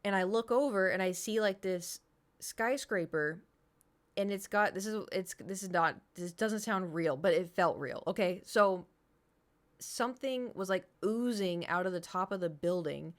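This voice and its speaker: A young adult woman streamer telling a long story in casual chat, rambling with lots of fillers and swearing. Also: lowish voice.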